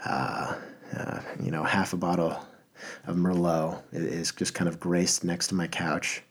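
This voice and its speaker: A man's voice: deep voice, fairly even intonation, a little slow, slightly rough. A man hosting a podcast, talking in a rambling, enthusiastic way with lots of fillers and restarts. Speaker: podcast host. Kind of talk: casual podcast monologue.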